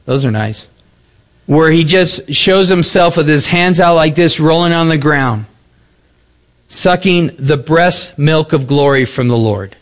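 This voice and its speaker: A man preaching a sermon, telling a story in an animated, conversational way with emphatic turns. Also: a little high, a little slow. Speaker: pastor.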